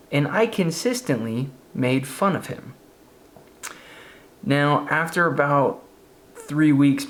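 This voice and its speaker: A man casually narrating a spooky true story, now and then acting out the voices of the people in it. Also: mid-range voice. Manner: casual, conversational, acts out quoted voices.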